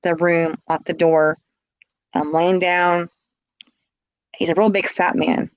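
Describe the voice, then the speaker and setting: A woman's voice: fairly low pitch, level tone, slow pace, smooth, dry recording, rough recording. A woman telling her own story in casual speech, blunt and emphatic, often repeating words.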